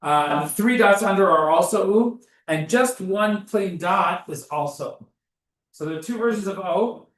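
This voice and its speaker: A man leads an online reading class, his voice bright and a little high. He talks slowly and patiently, breaking words into single syllables over a video call. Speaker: Hebrew reading teacher.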